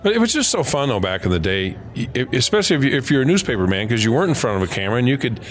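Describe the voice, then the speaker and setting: Middle-aged man in casual conversation, a former newspaper sportswriter spinning long rambling anecdotes. His pitch sits mid-range and he talks in a loose, storytelling way. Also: very animated, racing, slight background noise. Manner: rambling anecdotes with laughs and quoted voices.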